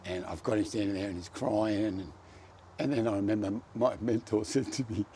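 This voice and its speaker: Gravelly man sharing a heartfelt testimony. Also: lowish voice, steady tone, a little fast, warm tone, slight background noise. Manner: earnest, heartfelt storytelling. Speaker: person giving a testimony. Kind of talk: personal faith testimony.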